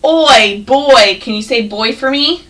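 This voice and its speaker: Slow, bright-voiced woman teaching first grade. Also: a little high, far from the mic, poor audio. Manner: slow, exaggerated sounding out of words, encouraging. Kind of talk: classroom phonics and reading lesson.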